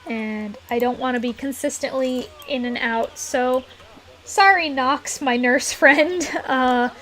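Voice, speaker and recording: A woman chatting casually on a live stream while she plays, rambling with lots of fillers and giggles, her throat a little rough. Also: sits high, slow pace, fairly bright tone. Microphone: desk mic in a closed room.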